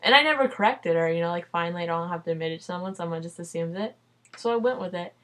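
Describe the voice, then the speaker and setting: A woman's voice: on the low side, racing, fairly bright tone. A young adult woman telling a personal story in a casual vlog, chatty and loose, full of "like" and "dude", swearing freely. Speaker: vlogger.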